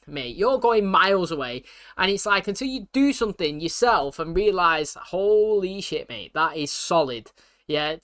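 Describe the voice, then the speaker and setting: A British man talking fast and casually, full of slang and fillers, reacting to a TV episode for his channel. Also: high-pitched, bright, forceful tone.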